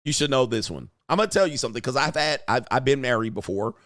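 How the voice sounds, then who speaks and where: A man hosting a livestream, ranting casually and profanely while acting out quotes in animated bursts. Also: mid-range voice, fast talker. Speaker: livestream host. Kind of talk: casual commentary rant.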